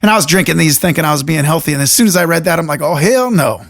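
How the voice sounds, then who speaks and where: A man hosting a solo podcast, talking alone into a studio microphone in a deliberate radio voice with jokey, rambling asides. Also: on the high side, vocal fry, fairly bright tone. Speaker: podcast host. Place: room alone.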